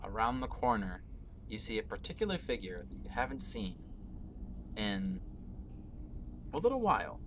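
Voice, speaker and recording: A man narrating a tabletop game as game master, slow and hesitant with fillers. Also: lowish voice, very animated. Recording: clear background noise.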